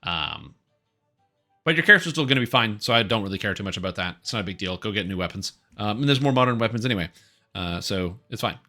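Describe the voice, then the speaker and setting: A man's voice: on the low side, expressive, quick pace, sharp tone, faint music behind. A man streaming a video game, chatting casually in a rambling, offhand and opinionated way. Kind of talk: casual live-stream commentary.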